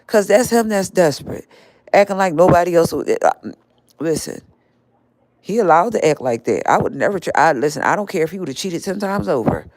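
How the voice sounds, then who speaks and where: A woman's voice: fairly low pitch, lively intonation, a little fast, darkish tone, dry recording. Older woman ranting confrontationally. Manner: confrontational, scolding, addressing someone directly. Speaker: live-stream host. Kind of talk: live-stream rant.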